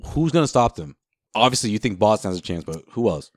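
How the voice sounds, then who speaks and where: A man's voice: fairly low pitch, big pitch swings, fast, no echo, clean studio sound. A man co-hosting a sports podcast, making confident points and laughing often. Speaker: podcast co-host. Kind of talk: casual sports chat.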